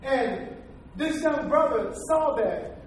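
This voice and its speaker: A man's voice: very high voice, animated, slow, a little hiss or hum. A man preaching a sermon with emphatic repetition, leading the congregation in chanted call-and-response and telling long stories. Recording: echoey hall from far off.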